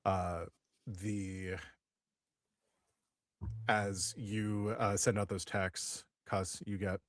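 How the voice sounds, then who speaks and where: A man's voice: fairly low pitch, level tone, drawn-out words, long pauses, no echo, studio quality. A man narrating a tabletop role-playing game as game master, rambling with many fillers and restarts.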